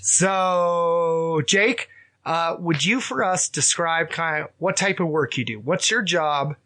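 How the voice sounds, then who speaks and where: Man, podcast host, animated joking storyteller, bright tone. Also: fairly high pitch, slow pace. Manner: jokey, animated storytelling with acted-out quotes. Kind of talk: casual podcast chat.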